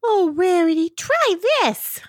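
A woman putting on the voice of a hyper, bubbly young pink cartoon pony girl, squeaky and excited. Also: slow, dry recording, clean studio sound, heavily acted.

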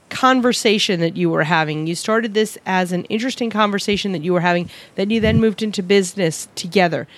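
A woman hosting an interview, chatty and joking, rambling through her questions. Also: mid-range voice. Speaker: interview host. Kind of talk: casual interview chat.

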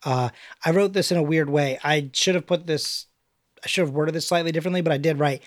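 A man's voice: fairly high pitch, no room sound, studio quality. A young man hosting a podcast in a casual way, reading his own recap notes and adding chatty asides. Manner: chatty, quick asides, plays voices for laughs. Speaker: podcast host. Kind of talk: casual chat and script read-through.

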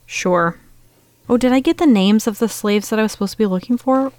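A player answers the game master in a mid-range voice, with quick, joking replies about the plan. The sound is dry and close to the mic. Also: medium pitch, a little mellow, dry recording. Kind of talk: casual tabletop play.

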